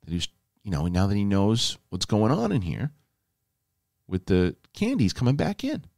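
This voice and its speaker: Male podcast host, casual storytelling, lively swooping delivery, dry close sound. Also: lowish voice, moderate pace, gravelly, no room sound. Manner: animated, emphatic, swears freely.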